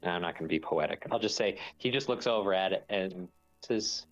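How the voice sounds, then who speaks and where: A man's voice: sits low, fairly quick, lo-fi sound, soft background music. A man playing in a tabletop role-play game, talking casually and hesitantly in plain words.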